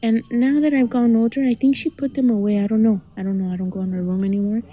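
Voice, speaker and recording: A young adult woman calling in to tell a scary childhood memory in a hushed, dramatic way that often drops to a whisper. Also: fairly high pitch, steady tone, fast, narrow, tinny audio. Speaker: caller. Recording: call-in audio.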